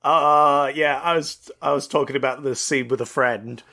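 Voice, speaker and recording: A man's medium-pitched voice, bright and forceful with fairly even intonation, comes at normal speed. He's a podcast co-host casually discussing an old film, rambling with lots of fillers and swearing.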